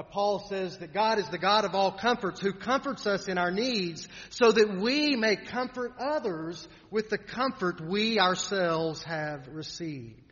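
High-voiced preacher in an echoing hall. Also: male voice. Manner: earnest, repeats words, many fillers, trails off softly at line ends. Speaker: pastor. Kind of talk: sermon. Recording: dull sound in a reverberant hall.

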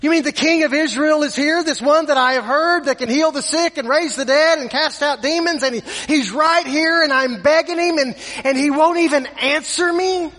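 A man's voice: extremely high pitch, normal speed, hardly any pauses, bright, forceful tone, big-room sound, voice pushed up. A man voicing a desperate foreign mother pleading and unable to believe she is being ignored. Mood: pleading disbelief. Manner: pleading, incredulous.

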